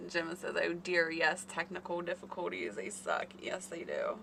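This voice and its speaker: Bright-voiced woman chatting on a live stream. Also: fairly low pitch, sing-song, measured pace, vocal fry, slight background noise. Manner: chatty, rambling, talks to chat readers by name. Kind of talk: casual live-stream chat.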